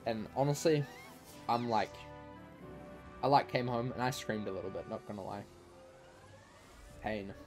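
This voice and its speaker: A man talking casually to his live stream audience, rambling through a story with plenty of fillers and false starts. His voice sits at a middle pitch, with soft music playing quietly behind him. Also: normal speed, long pauses.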